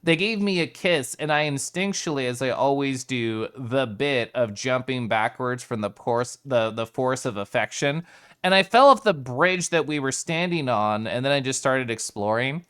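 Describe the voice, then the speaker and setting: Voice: medium pitch, moderate pace, fairly bright tone, smooth. A live streamer chatting casually with viewers in a playful way, laughing often and greeting viewers by name.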